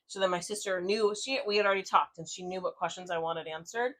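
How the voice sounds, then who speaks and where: A woman's voice: fairly low pitch, fast, a bit bright. Chatty woman retelling a hard story. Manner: rambling storytelling, many "like" fillers, swearing. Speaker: podcast co-host. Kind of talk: casual podcast chat.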